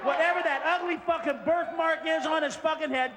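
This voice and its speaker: A male stand-up comedian ranting profanely and shouting through a live routine. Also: extremely high pitch, steady tone, a little fast, long reverb tail, crowd noise, background noise.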